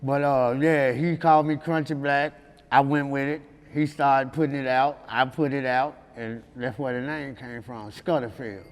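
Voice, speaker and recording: A man's voice: mid-range voice, fairly even intonation, moderate pace, big-room sound. A man from Memphis with a Southern accent, telling stories in a loose, laughing way and often asking "you know what I'm saying". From Memphis, USA. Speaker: rapper guest. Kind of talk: casual interview storytelling.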